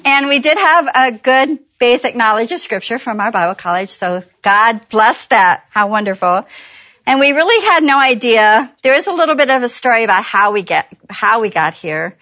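A middle-aged woman and pastor's wife, telling a church audience about her ministry in a chatty, animated way and laughing at her own jokes. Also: on the high side, normal speed, lo-fi sound. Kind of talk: warm personal testimony talk.

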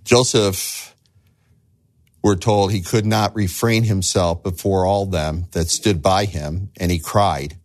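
A man preaching a sermon as a pastor, animated, acting out the voices of the figures in his story. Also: low voice, slow. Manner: animated, acts out voices of the figures he tells about.

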